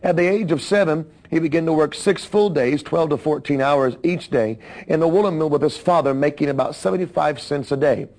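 A man's voice: fairly high pitch, brisk, a little mellow, low-quality recording. A man telling a preacher's life story in a sermon, with his own asides to the listeners. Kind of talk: biographical sermon narration.

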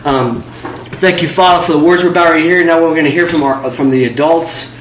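A man with a high voice preaches a fervent sermon, piling up repeated phrases. He sounds like he is in a reverberant room. The recording is dull and muffled. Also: fairly even intonation, brisk, fairly bright tone, slight background noise. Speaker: pastor.

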